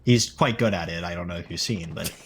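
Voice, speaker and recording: A man's voice: low voice, a little hiss or hum. Joking male esports caster. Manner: joking, rambling banter turning to fast excited calls. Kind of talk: play-by-play commentary and banter.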